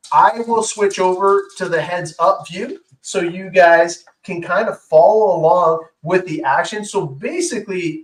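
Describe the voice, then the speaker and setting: A man's voice: a little high, fairly bright tone. A man co-hosting a casual show-and-tell, talking enthusiastically with lots of fillers while he demonstrates. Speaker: co-host. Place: indoor workshop room. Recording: roomy echo, far from mic.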